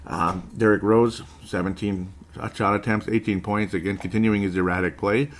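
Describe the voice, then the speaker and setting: Man in his forties, somewhat low voice, casual sports commentary, sarcastic, ranting. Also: steady tone, moderate pace. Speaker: basketball podcast host.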